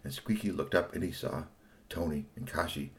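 A middle-aged man narrating a children's story in an animated way, talking to young listeners. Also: rumbling low, moderate pace, vocal fry.

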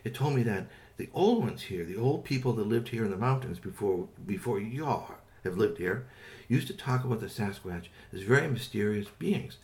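A man voicing a small excitable boy in a bedtime story, eager and stammering. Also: lowish voice, normal speed.

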